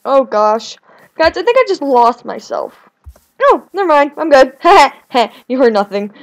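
A young woman chatting casually while playing a video game, rambling and swinging between whiny complaints and excited outbursts. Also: high-pitched, a little slow, long pauses, muffled recording. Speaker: gaming video creator. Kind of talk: casual let's-play commentary.

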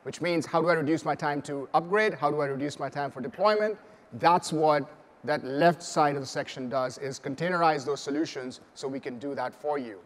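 A man with a fairly high voice presents a keynote in a large conference hall. He explains earnestly and often stumbles over fillers and restarts. A long reverb trails each phrase. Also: fairly quick. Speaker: keynote speaker.

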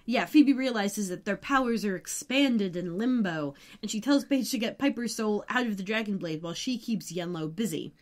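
A woman's voice: mid-range voice, lively intonation, normal speed, few pauses, a little mellow. A woman co-hosting a podcast, recapping a TV episode with playful, joking banter. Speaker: podcast co-host. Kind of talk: casual recap chat.

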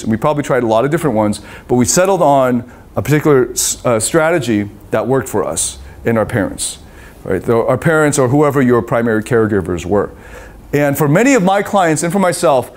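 A middle-aged man with a medium-pitched, slightly mellow voice coaches on relationships in a live seminar. He swears freely and acts out the voices of babies and parents.

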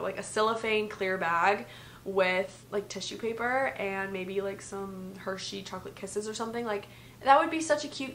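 A woman's voice: mid-range voice, a bit bright. Chatty girl in her 20s doing a gift guide vlog in her bedroom, lots of "like", faint room hum. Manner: chatty, says "like" a lot. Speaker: vlogger. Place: bedroom at home. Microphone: vlog camera.

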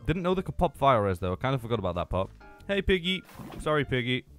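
A young man giving playful, excitable commentary on his Minecraft game, taunting the mobs and laughing often. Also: medium pitch, fast, soft background music. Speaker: gaming YouTuber. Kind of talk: Minecraft let's-play commentary.

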